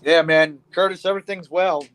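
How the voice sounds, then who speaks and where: Young male host, easygoing and loose, swears casually, slightly high pitch. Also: fairly even intonation, a little fast, fairly bright tone, poor audio. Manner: laid-back, swears casually, trails off with ums. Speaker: chat room host. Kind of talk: casual group chat.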